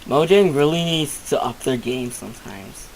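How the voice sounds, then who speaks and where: Excitable rambling male gamer. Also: medium pitch, normal speed, a little hiss or hum, rough recording. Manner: excitable, rambling, easily startled. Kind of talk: casual let's-play commentary. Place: at home.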